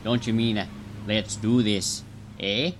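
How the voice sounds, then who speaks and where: A man's voice: on the low side, steady tone, takes it slowly, noisy background. A man voicing a wry, teasing male undercover agent.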